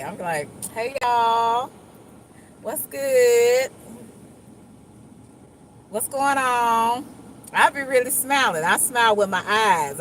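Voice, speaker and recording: Woman vlogger, animated pitch, casual car chat over faint road hum. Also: low-quality recording. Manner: chatty, animated, acts out other people's voices. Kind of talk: casual chat while driving. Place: inside a moving car.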